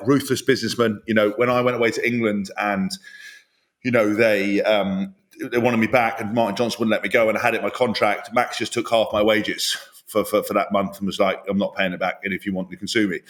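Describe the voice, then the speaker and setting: A man's voice: fairly low pitch, fairly bright tone. A man co-hosting a rugby podcast, chatting candidly and reflectively about his playing days. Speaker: podcast co-host, former rugby player. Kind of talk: casual chat.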